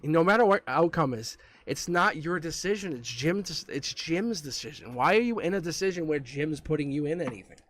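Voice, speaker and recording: A man with a slightly higher-than-average voice reads tarot on a live stream. He talks right to the viewer in a loose, chatty way and laughs softly as he goes. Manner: chatty, addresses the viewer directly, chuckles often. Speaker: tarot reader.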